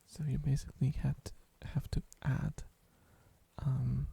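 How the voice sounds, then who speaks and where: A man rambling in soft-spoken ASMR style, drowsy and meandering, often dropping into a whisper on a close microphone. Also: mid-range voice, level tone, measured pace, vocal fry, husky. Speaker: ASMR streamer.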